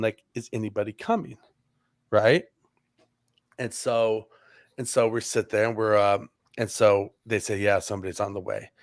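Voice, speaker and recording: A man's voice: on the low side, no room sound, clean studio sound. A man on a podcast telling a long story casually, with many "like" fillers and restarts. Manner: rambling, heavy on "like" fillers and restarts. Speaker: podcast co-host.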